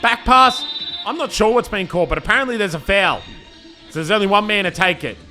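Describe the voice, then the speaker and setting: An Australian man commentates his club's match footage in a loose, bantering way, saying "man" often and lifting his energy on attacks. His voice is bright and sits fairly high for a man. Light music plays behind him. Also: brisk. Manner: laid-back banter, says "man" a lot, excitable on attacks. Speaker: club owner commentating his team's match video. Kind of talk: casual play-by-play commentary.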